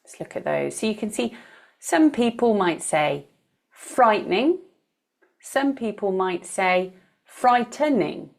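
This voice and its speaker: A woman teaching English with a British accent, reading each word out slowly and clearly and stressing its syllables in a pronunciation drill. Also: mid-range voice, big pitch swings, a little mellow.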